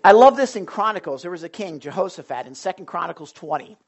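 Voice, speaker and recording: Speaking fast with lively intonation, a high-pitched male pastor delivers a relaxed, chatty sermon full of jokes and asides aimed at his congregation.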